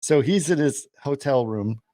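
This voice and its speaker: Man, podcast co-host, casual film chat, animated plot retelling, mid pitch, dry close recording. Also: a little slow, dry recording. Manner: retells film plots animatedly, acting out lines.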